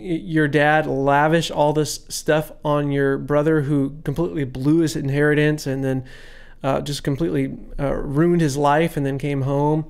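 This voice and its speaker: Gravelly-voiced man giving a devotional. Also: a little high, darkish tone. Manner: conversational, frequent fillers, reads scripture aloud. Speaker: devotional speaker. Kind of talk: casual devotional teaching.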